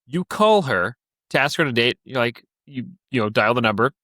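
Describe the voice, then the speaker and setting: A man's voice: medium pitch, lively intonation, fairly quick, pushed and bright, no room sound, clean studio sound. A young man co-hosting a podcast, chatting casually and telling stories with acted-out quoted voices. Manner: storytelling, acts out quoted voices. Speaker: podcast co-host. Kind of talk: casual chat.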